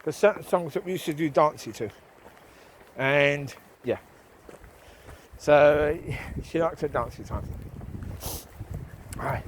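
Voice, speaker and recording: On a rural path beside the water, a man vlogs while walking his dogs, chatting and rambling and speaking to the dogs. His voice is mid-range. The recording is rough, with slight background noise.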